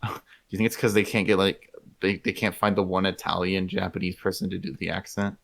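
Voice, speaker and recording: Joking young man, lowish voice. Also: level tone, fairly quick, vocal fry, a bit bright. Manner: joking, playful, does silly voices. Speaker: podcast co-host. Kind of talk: casual chat.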